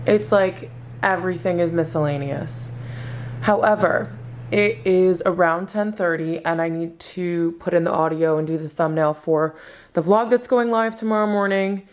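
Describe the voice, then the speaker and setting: A woman's voice: fairly low pitch, moderate pace, darkish tone, slight background noise. A young woman vlogging at home in a casual, rambling way, full of "like" fillers, and she sounds a bit stuffy. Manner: chatty, rambling, lots of "like" fillers. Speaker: lifestyle vlogger. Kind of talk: casual vlog chat to camera. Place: at home in an apartment. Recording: echoey room.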